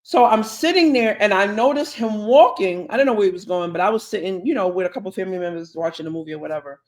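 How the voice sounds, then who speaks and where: Podcast cohost rambling through a story, plays all the back-and-forth, mid pitch. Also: animated. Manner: chatty, drawn-out anecdote with quoted dialogue. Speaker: podcast co-host. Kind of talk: casual storytelling.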